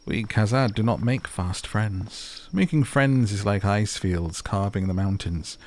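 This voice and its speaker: Stiff solemn dwarf, guy putting it on, slow and measured, gravelly. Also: lowish voice, darkish tone, a little hiss or hum.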